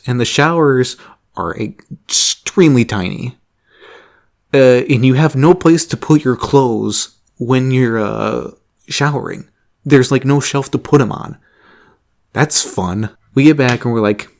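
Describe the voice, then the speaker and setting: A young man casually telling a story about a job, animated, laughing often and swearing freely. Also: mid-range voice. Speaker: vlogger.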